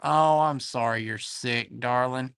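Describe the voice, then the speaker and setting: A man's voice: medium pitch, slow pace, creaky, a bit bright, clear, resonant tone, dry recording. Chatty Southern man hosting a livestream. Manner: folksy, chatty, greets viewers by name. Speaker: host of a live online antique sale. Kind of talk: livestream chat, reading viewer comments.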